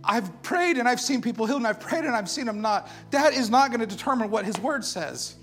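A man preaching a sermon with passion, firing rhetorical questions and swinging between loud declarations and hushed intensity. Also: very high voice, animated, fairly quick, soft background music.

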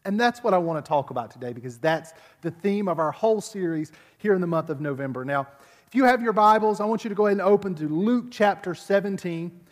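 A man with a notably high voice preaches a sermon at a church service, chatty and conversational, doubling back on words as he presses his point. His voice rings out with a long reverb, as if carried through a big hall. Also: expressive, fast. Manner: conversational, repeats words while building a point. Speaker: pastor.

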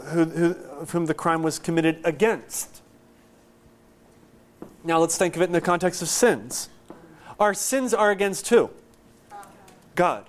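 A man preaching a sermon, explaining scripture in a conversational, animated way and acting out quotes. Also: sits high. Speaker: pastor.

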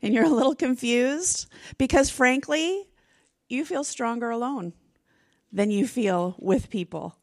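A middle-aged woman teaching a women's Bible study in a casual, expressive way, often restarting her sentences. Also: a little high, unhurried, no room sound. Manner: chatty and expressive, with frequent restarts. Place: room with a group of women.

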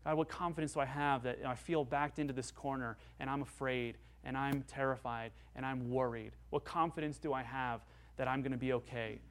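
A man's voice: medium pitch, steady tone, brisk. A man preaching a sermon as a pastor, earnest and emphatic, building to rising peaks on his key points.

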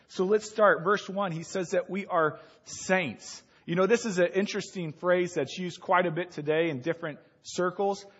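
A man with a fairly high voice preaches to his congregation. He tells a story and then pushes his key points with rising force. The recording sounds a little muffled and lo-fi. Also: fairly even intonation, moderate pace, hardly any pauses, fairly bright tone. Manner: storytelling, builds to emphatic peaks. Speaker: pastor. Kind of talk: sermon.

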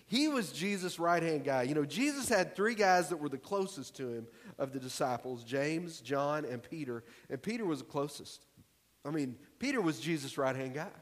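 A man's voice: a little high, animated, normal speed. A male pastor preaching a sermon in a church hall, in a conversational, emphatic way. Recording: long hall reverb.

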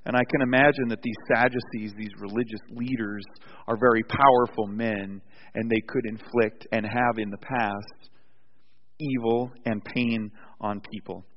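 A male pastor preaching a sermon with animated storytelling, often restarting his sentences, in a church sanctuary. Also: lowish voice, moderate pace. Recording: dull recording with long hall reverb.

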